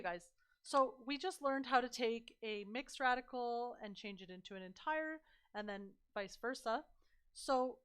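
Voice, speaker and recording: A young woman tutoring math on a livestream, chatty and encouraging, her voice slightly hoarse. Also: fairly high pitch, a bit bright. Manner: chatty, encouraging, addresses viewers as "you guys".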